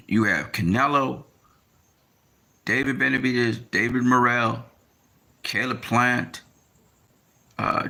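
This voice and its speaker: A man talking casually in a rambling monologue, often pausing with fillers as he tries to recall names. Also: medium pitch, creaky, pushed and bright. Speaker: boxing commentator.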